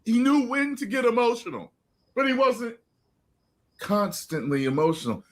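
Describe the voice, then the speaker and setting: A man's voice: very high voice, animated, normal speed. A man giving his opinion in a clip, lecturing emphatically and repeating his points.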